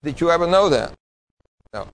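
A man's voice: fairly high pitch, expressive, normal speed, poor audio. A man preaching a sermon with an emphatic, pointed delivery, asking the congregation questions and answering them himself. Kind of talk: sermon with call-and-response.

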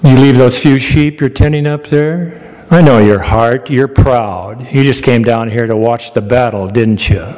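A preacher playing a jealous older brother who mocks and accuses, voice lifted higher. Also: male voice, a little slow, darkish tone, big-room sound, natural voice, poor audio. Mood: mocking. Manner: mocking, accusing.

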